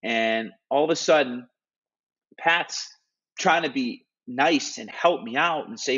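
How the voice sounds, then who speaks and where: A hockey analyst in an interview, retelling a story earnestly and animatedly, with frequent restarts and filler words. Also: male voice, medium pitch, a little slow, fairly bright tone, slightly rough. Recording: dull lo-fi audio.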